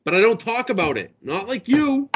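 High-voiced man ranting about sports. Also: big pitch swings, normal speed, husky. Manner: profane ranting, mocking. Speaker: podcast co-host. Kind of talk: heated sports banter. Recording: lo-fi podcast recording.

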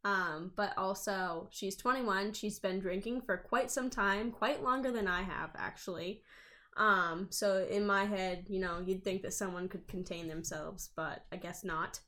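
Speaking at a measured pace with a medium-pitched voice, this English podcast co-host in her twenties chats casually. Her storytelling is blunt, animated and heavy on profanity.

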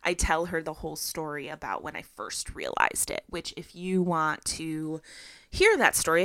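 A woman's voice: low-pitched, creaky, fairly bright tone, no echo, studio quality. A young adult woman hosting a podcast, telling a personal story in a chatty way with lots of fillers. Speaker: podcast host.

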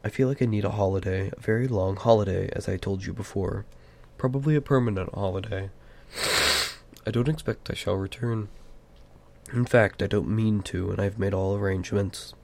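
A man's voice: lowish voice, moderate pace, creaky. A man voicing an elderly male hobbit, fussy and possessive, in an amateur audiobook reading. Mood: wistful. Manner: fretful, turning sharp and clutching.

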